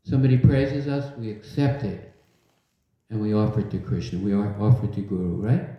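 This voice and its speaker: A man's voice: on the low side, a little fast. An older man giving a devotional talk to a live audience in a large hall, telling humorous stories and leading call-and-response. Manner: humorous, lively storyteller. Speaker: devotional speaker. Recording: very echoey, dull hall recording.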